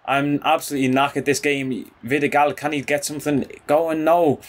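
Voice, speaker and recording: Excitable gaming commentator, male. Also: on the high side, normal speed. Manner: excitable, calls viewers bro and boys. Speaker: gaming YouTuber. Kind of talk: casual gameplay commentary.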